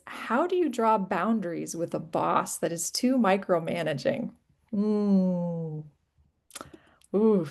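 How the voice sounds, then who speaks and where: Woman moderator, lowish voice, affirming and encouraging host of panel. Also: vocal fry. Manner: affirming, encouraging, reads audience questions. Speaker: webinar moderator.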